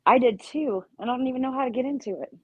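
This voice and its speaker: A woman's voice: high voice, quick pace, husky, highs cut off. A woman in her forties talking bluntly and jokingly in a casual group chat. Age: 40s. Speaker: panelist.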